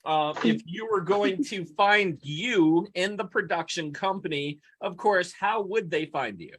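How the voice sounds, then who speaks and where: A man's voice: sits high, measured pace, fairly bright tone, breathy edge. A man from the United States hosting a podcast, upbeat and enthusiastic in casual interview chat. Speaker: podcast host.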